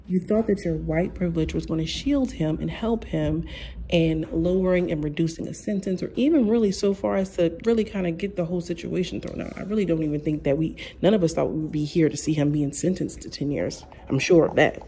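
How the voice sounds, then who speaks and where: Woman, commentary vlogger, sassy and blunt, casual opinion talk, lowish voice, mellow tone. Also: fairly quick, slight background noise. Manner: sassy and blunt, talks straight to the viewers.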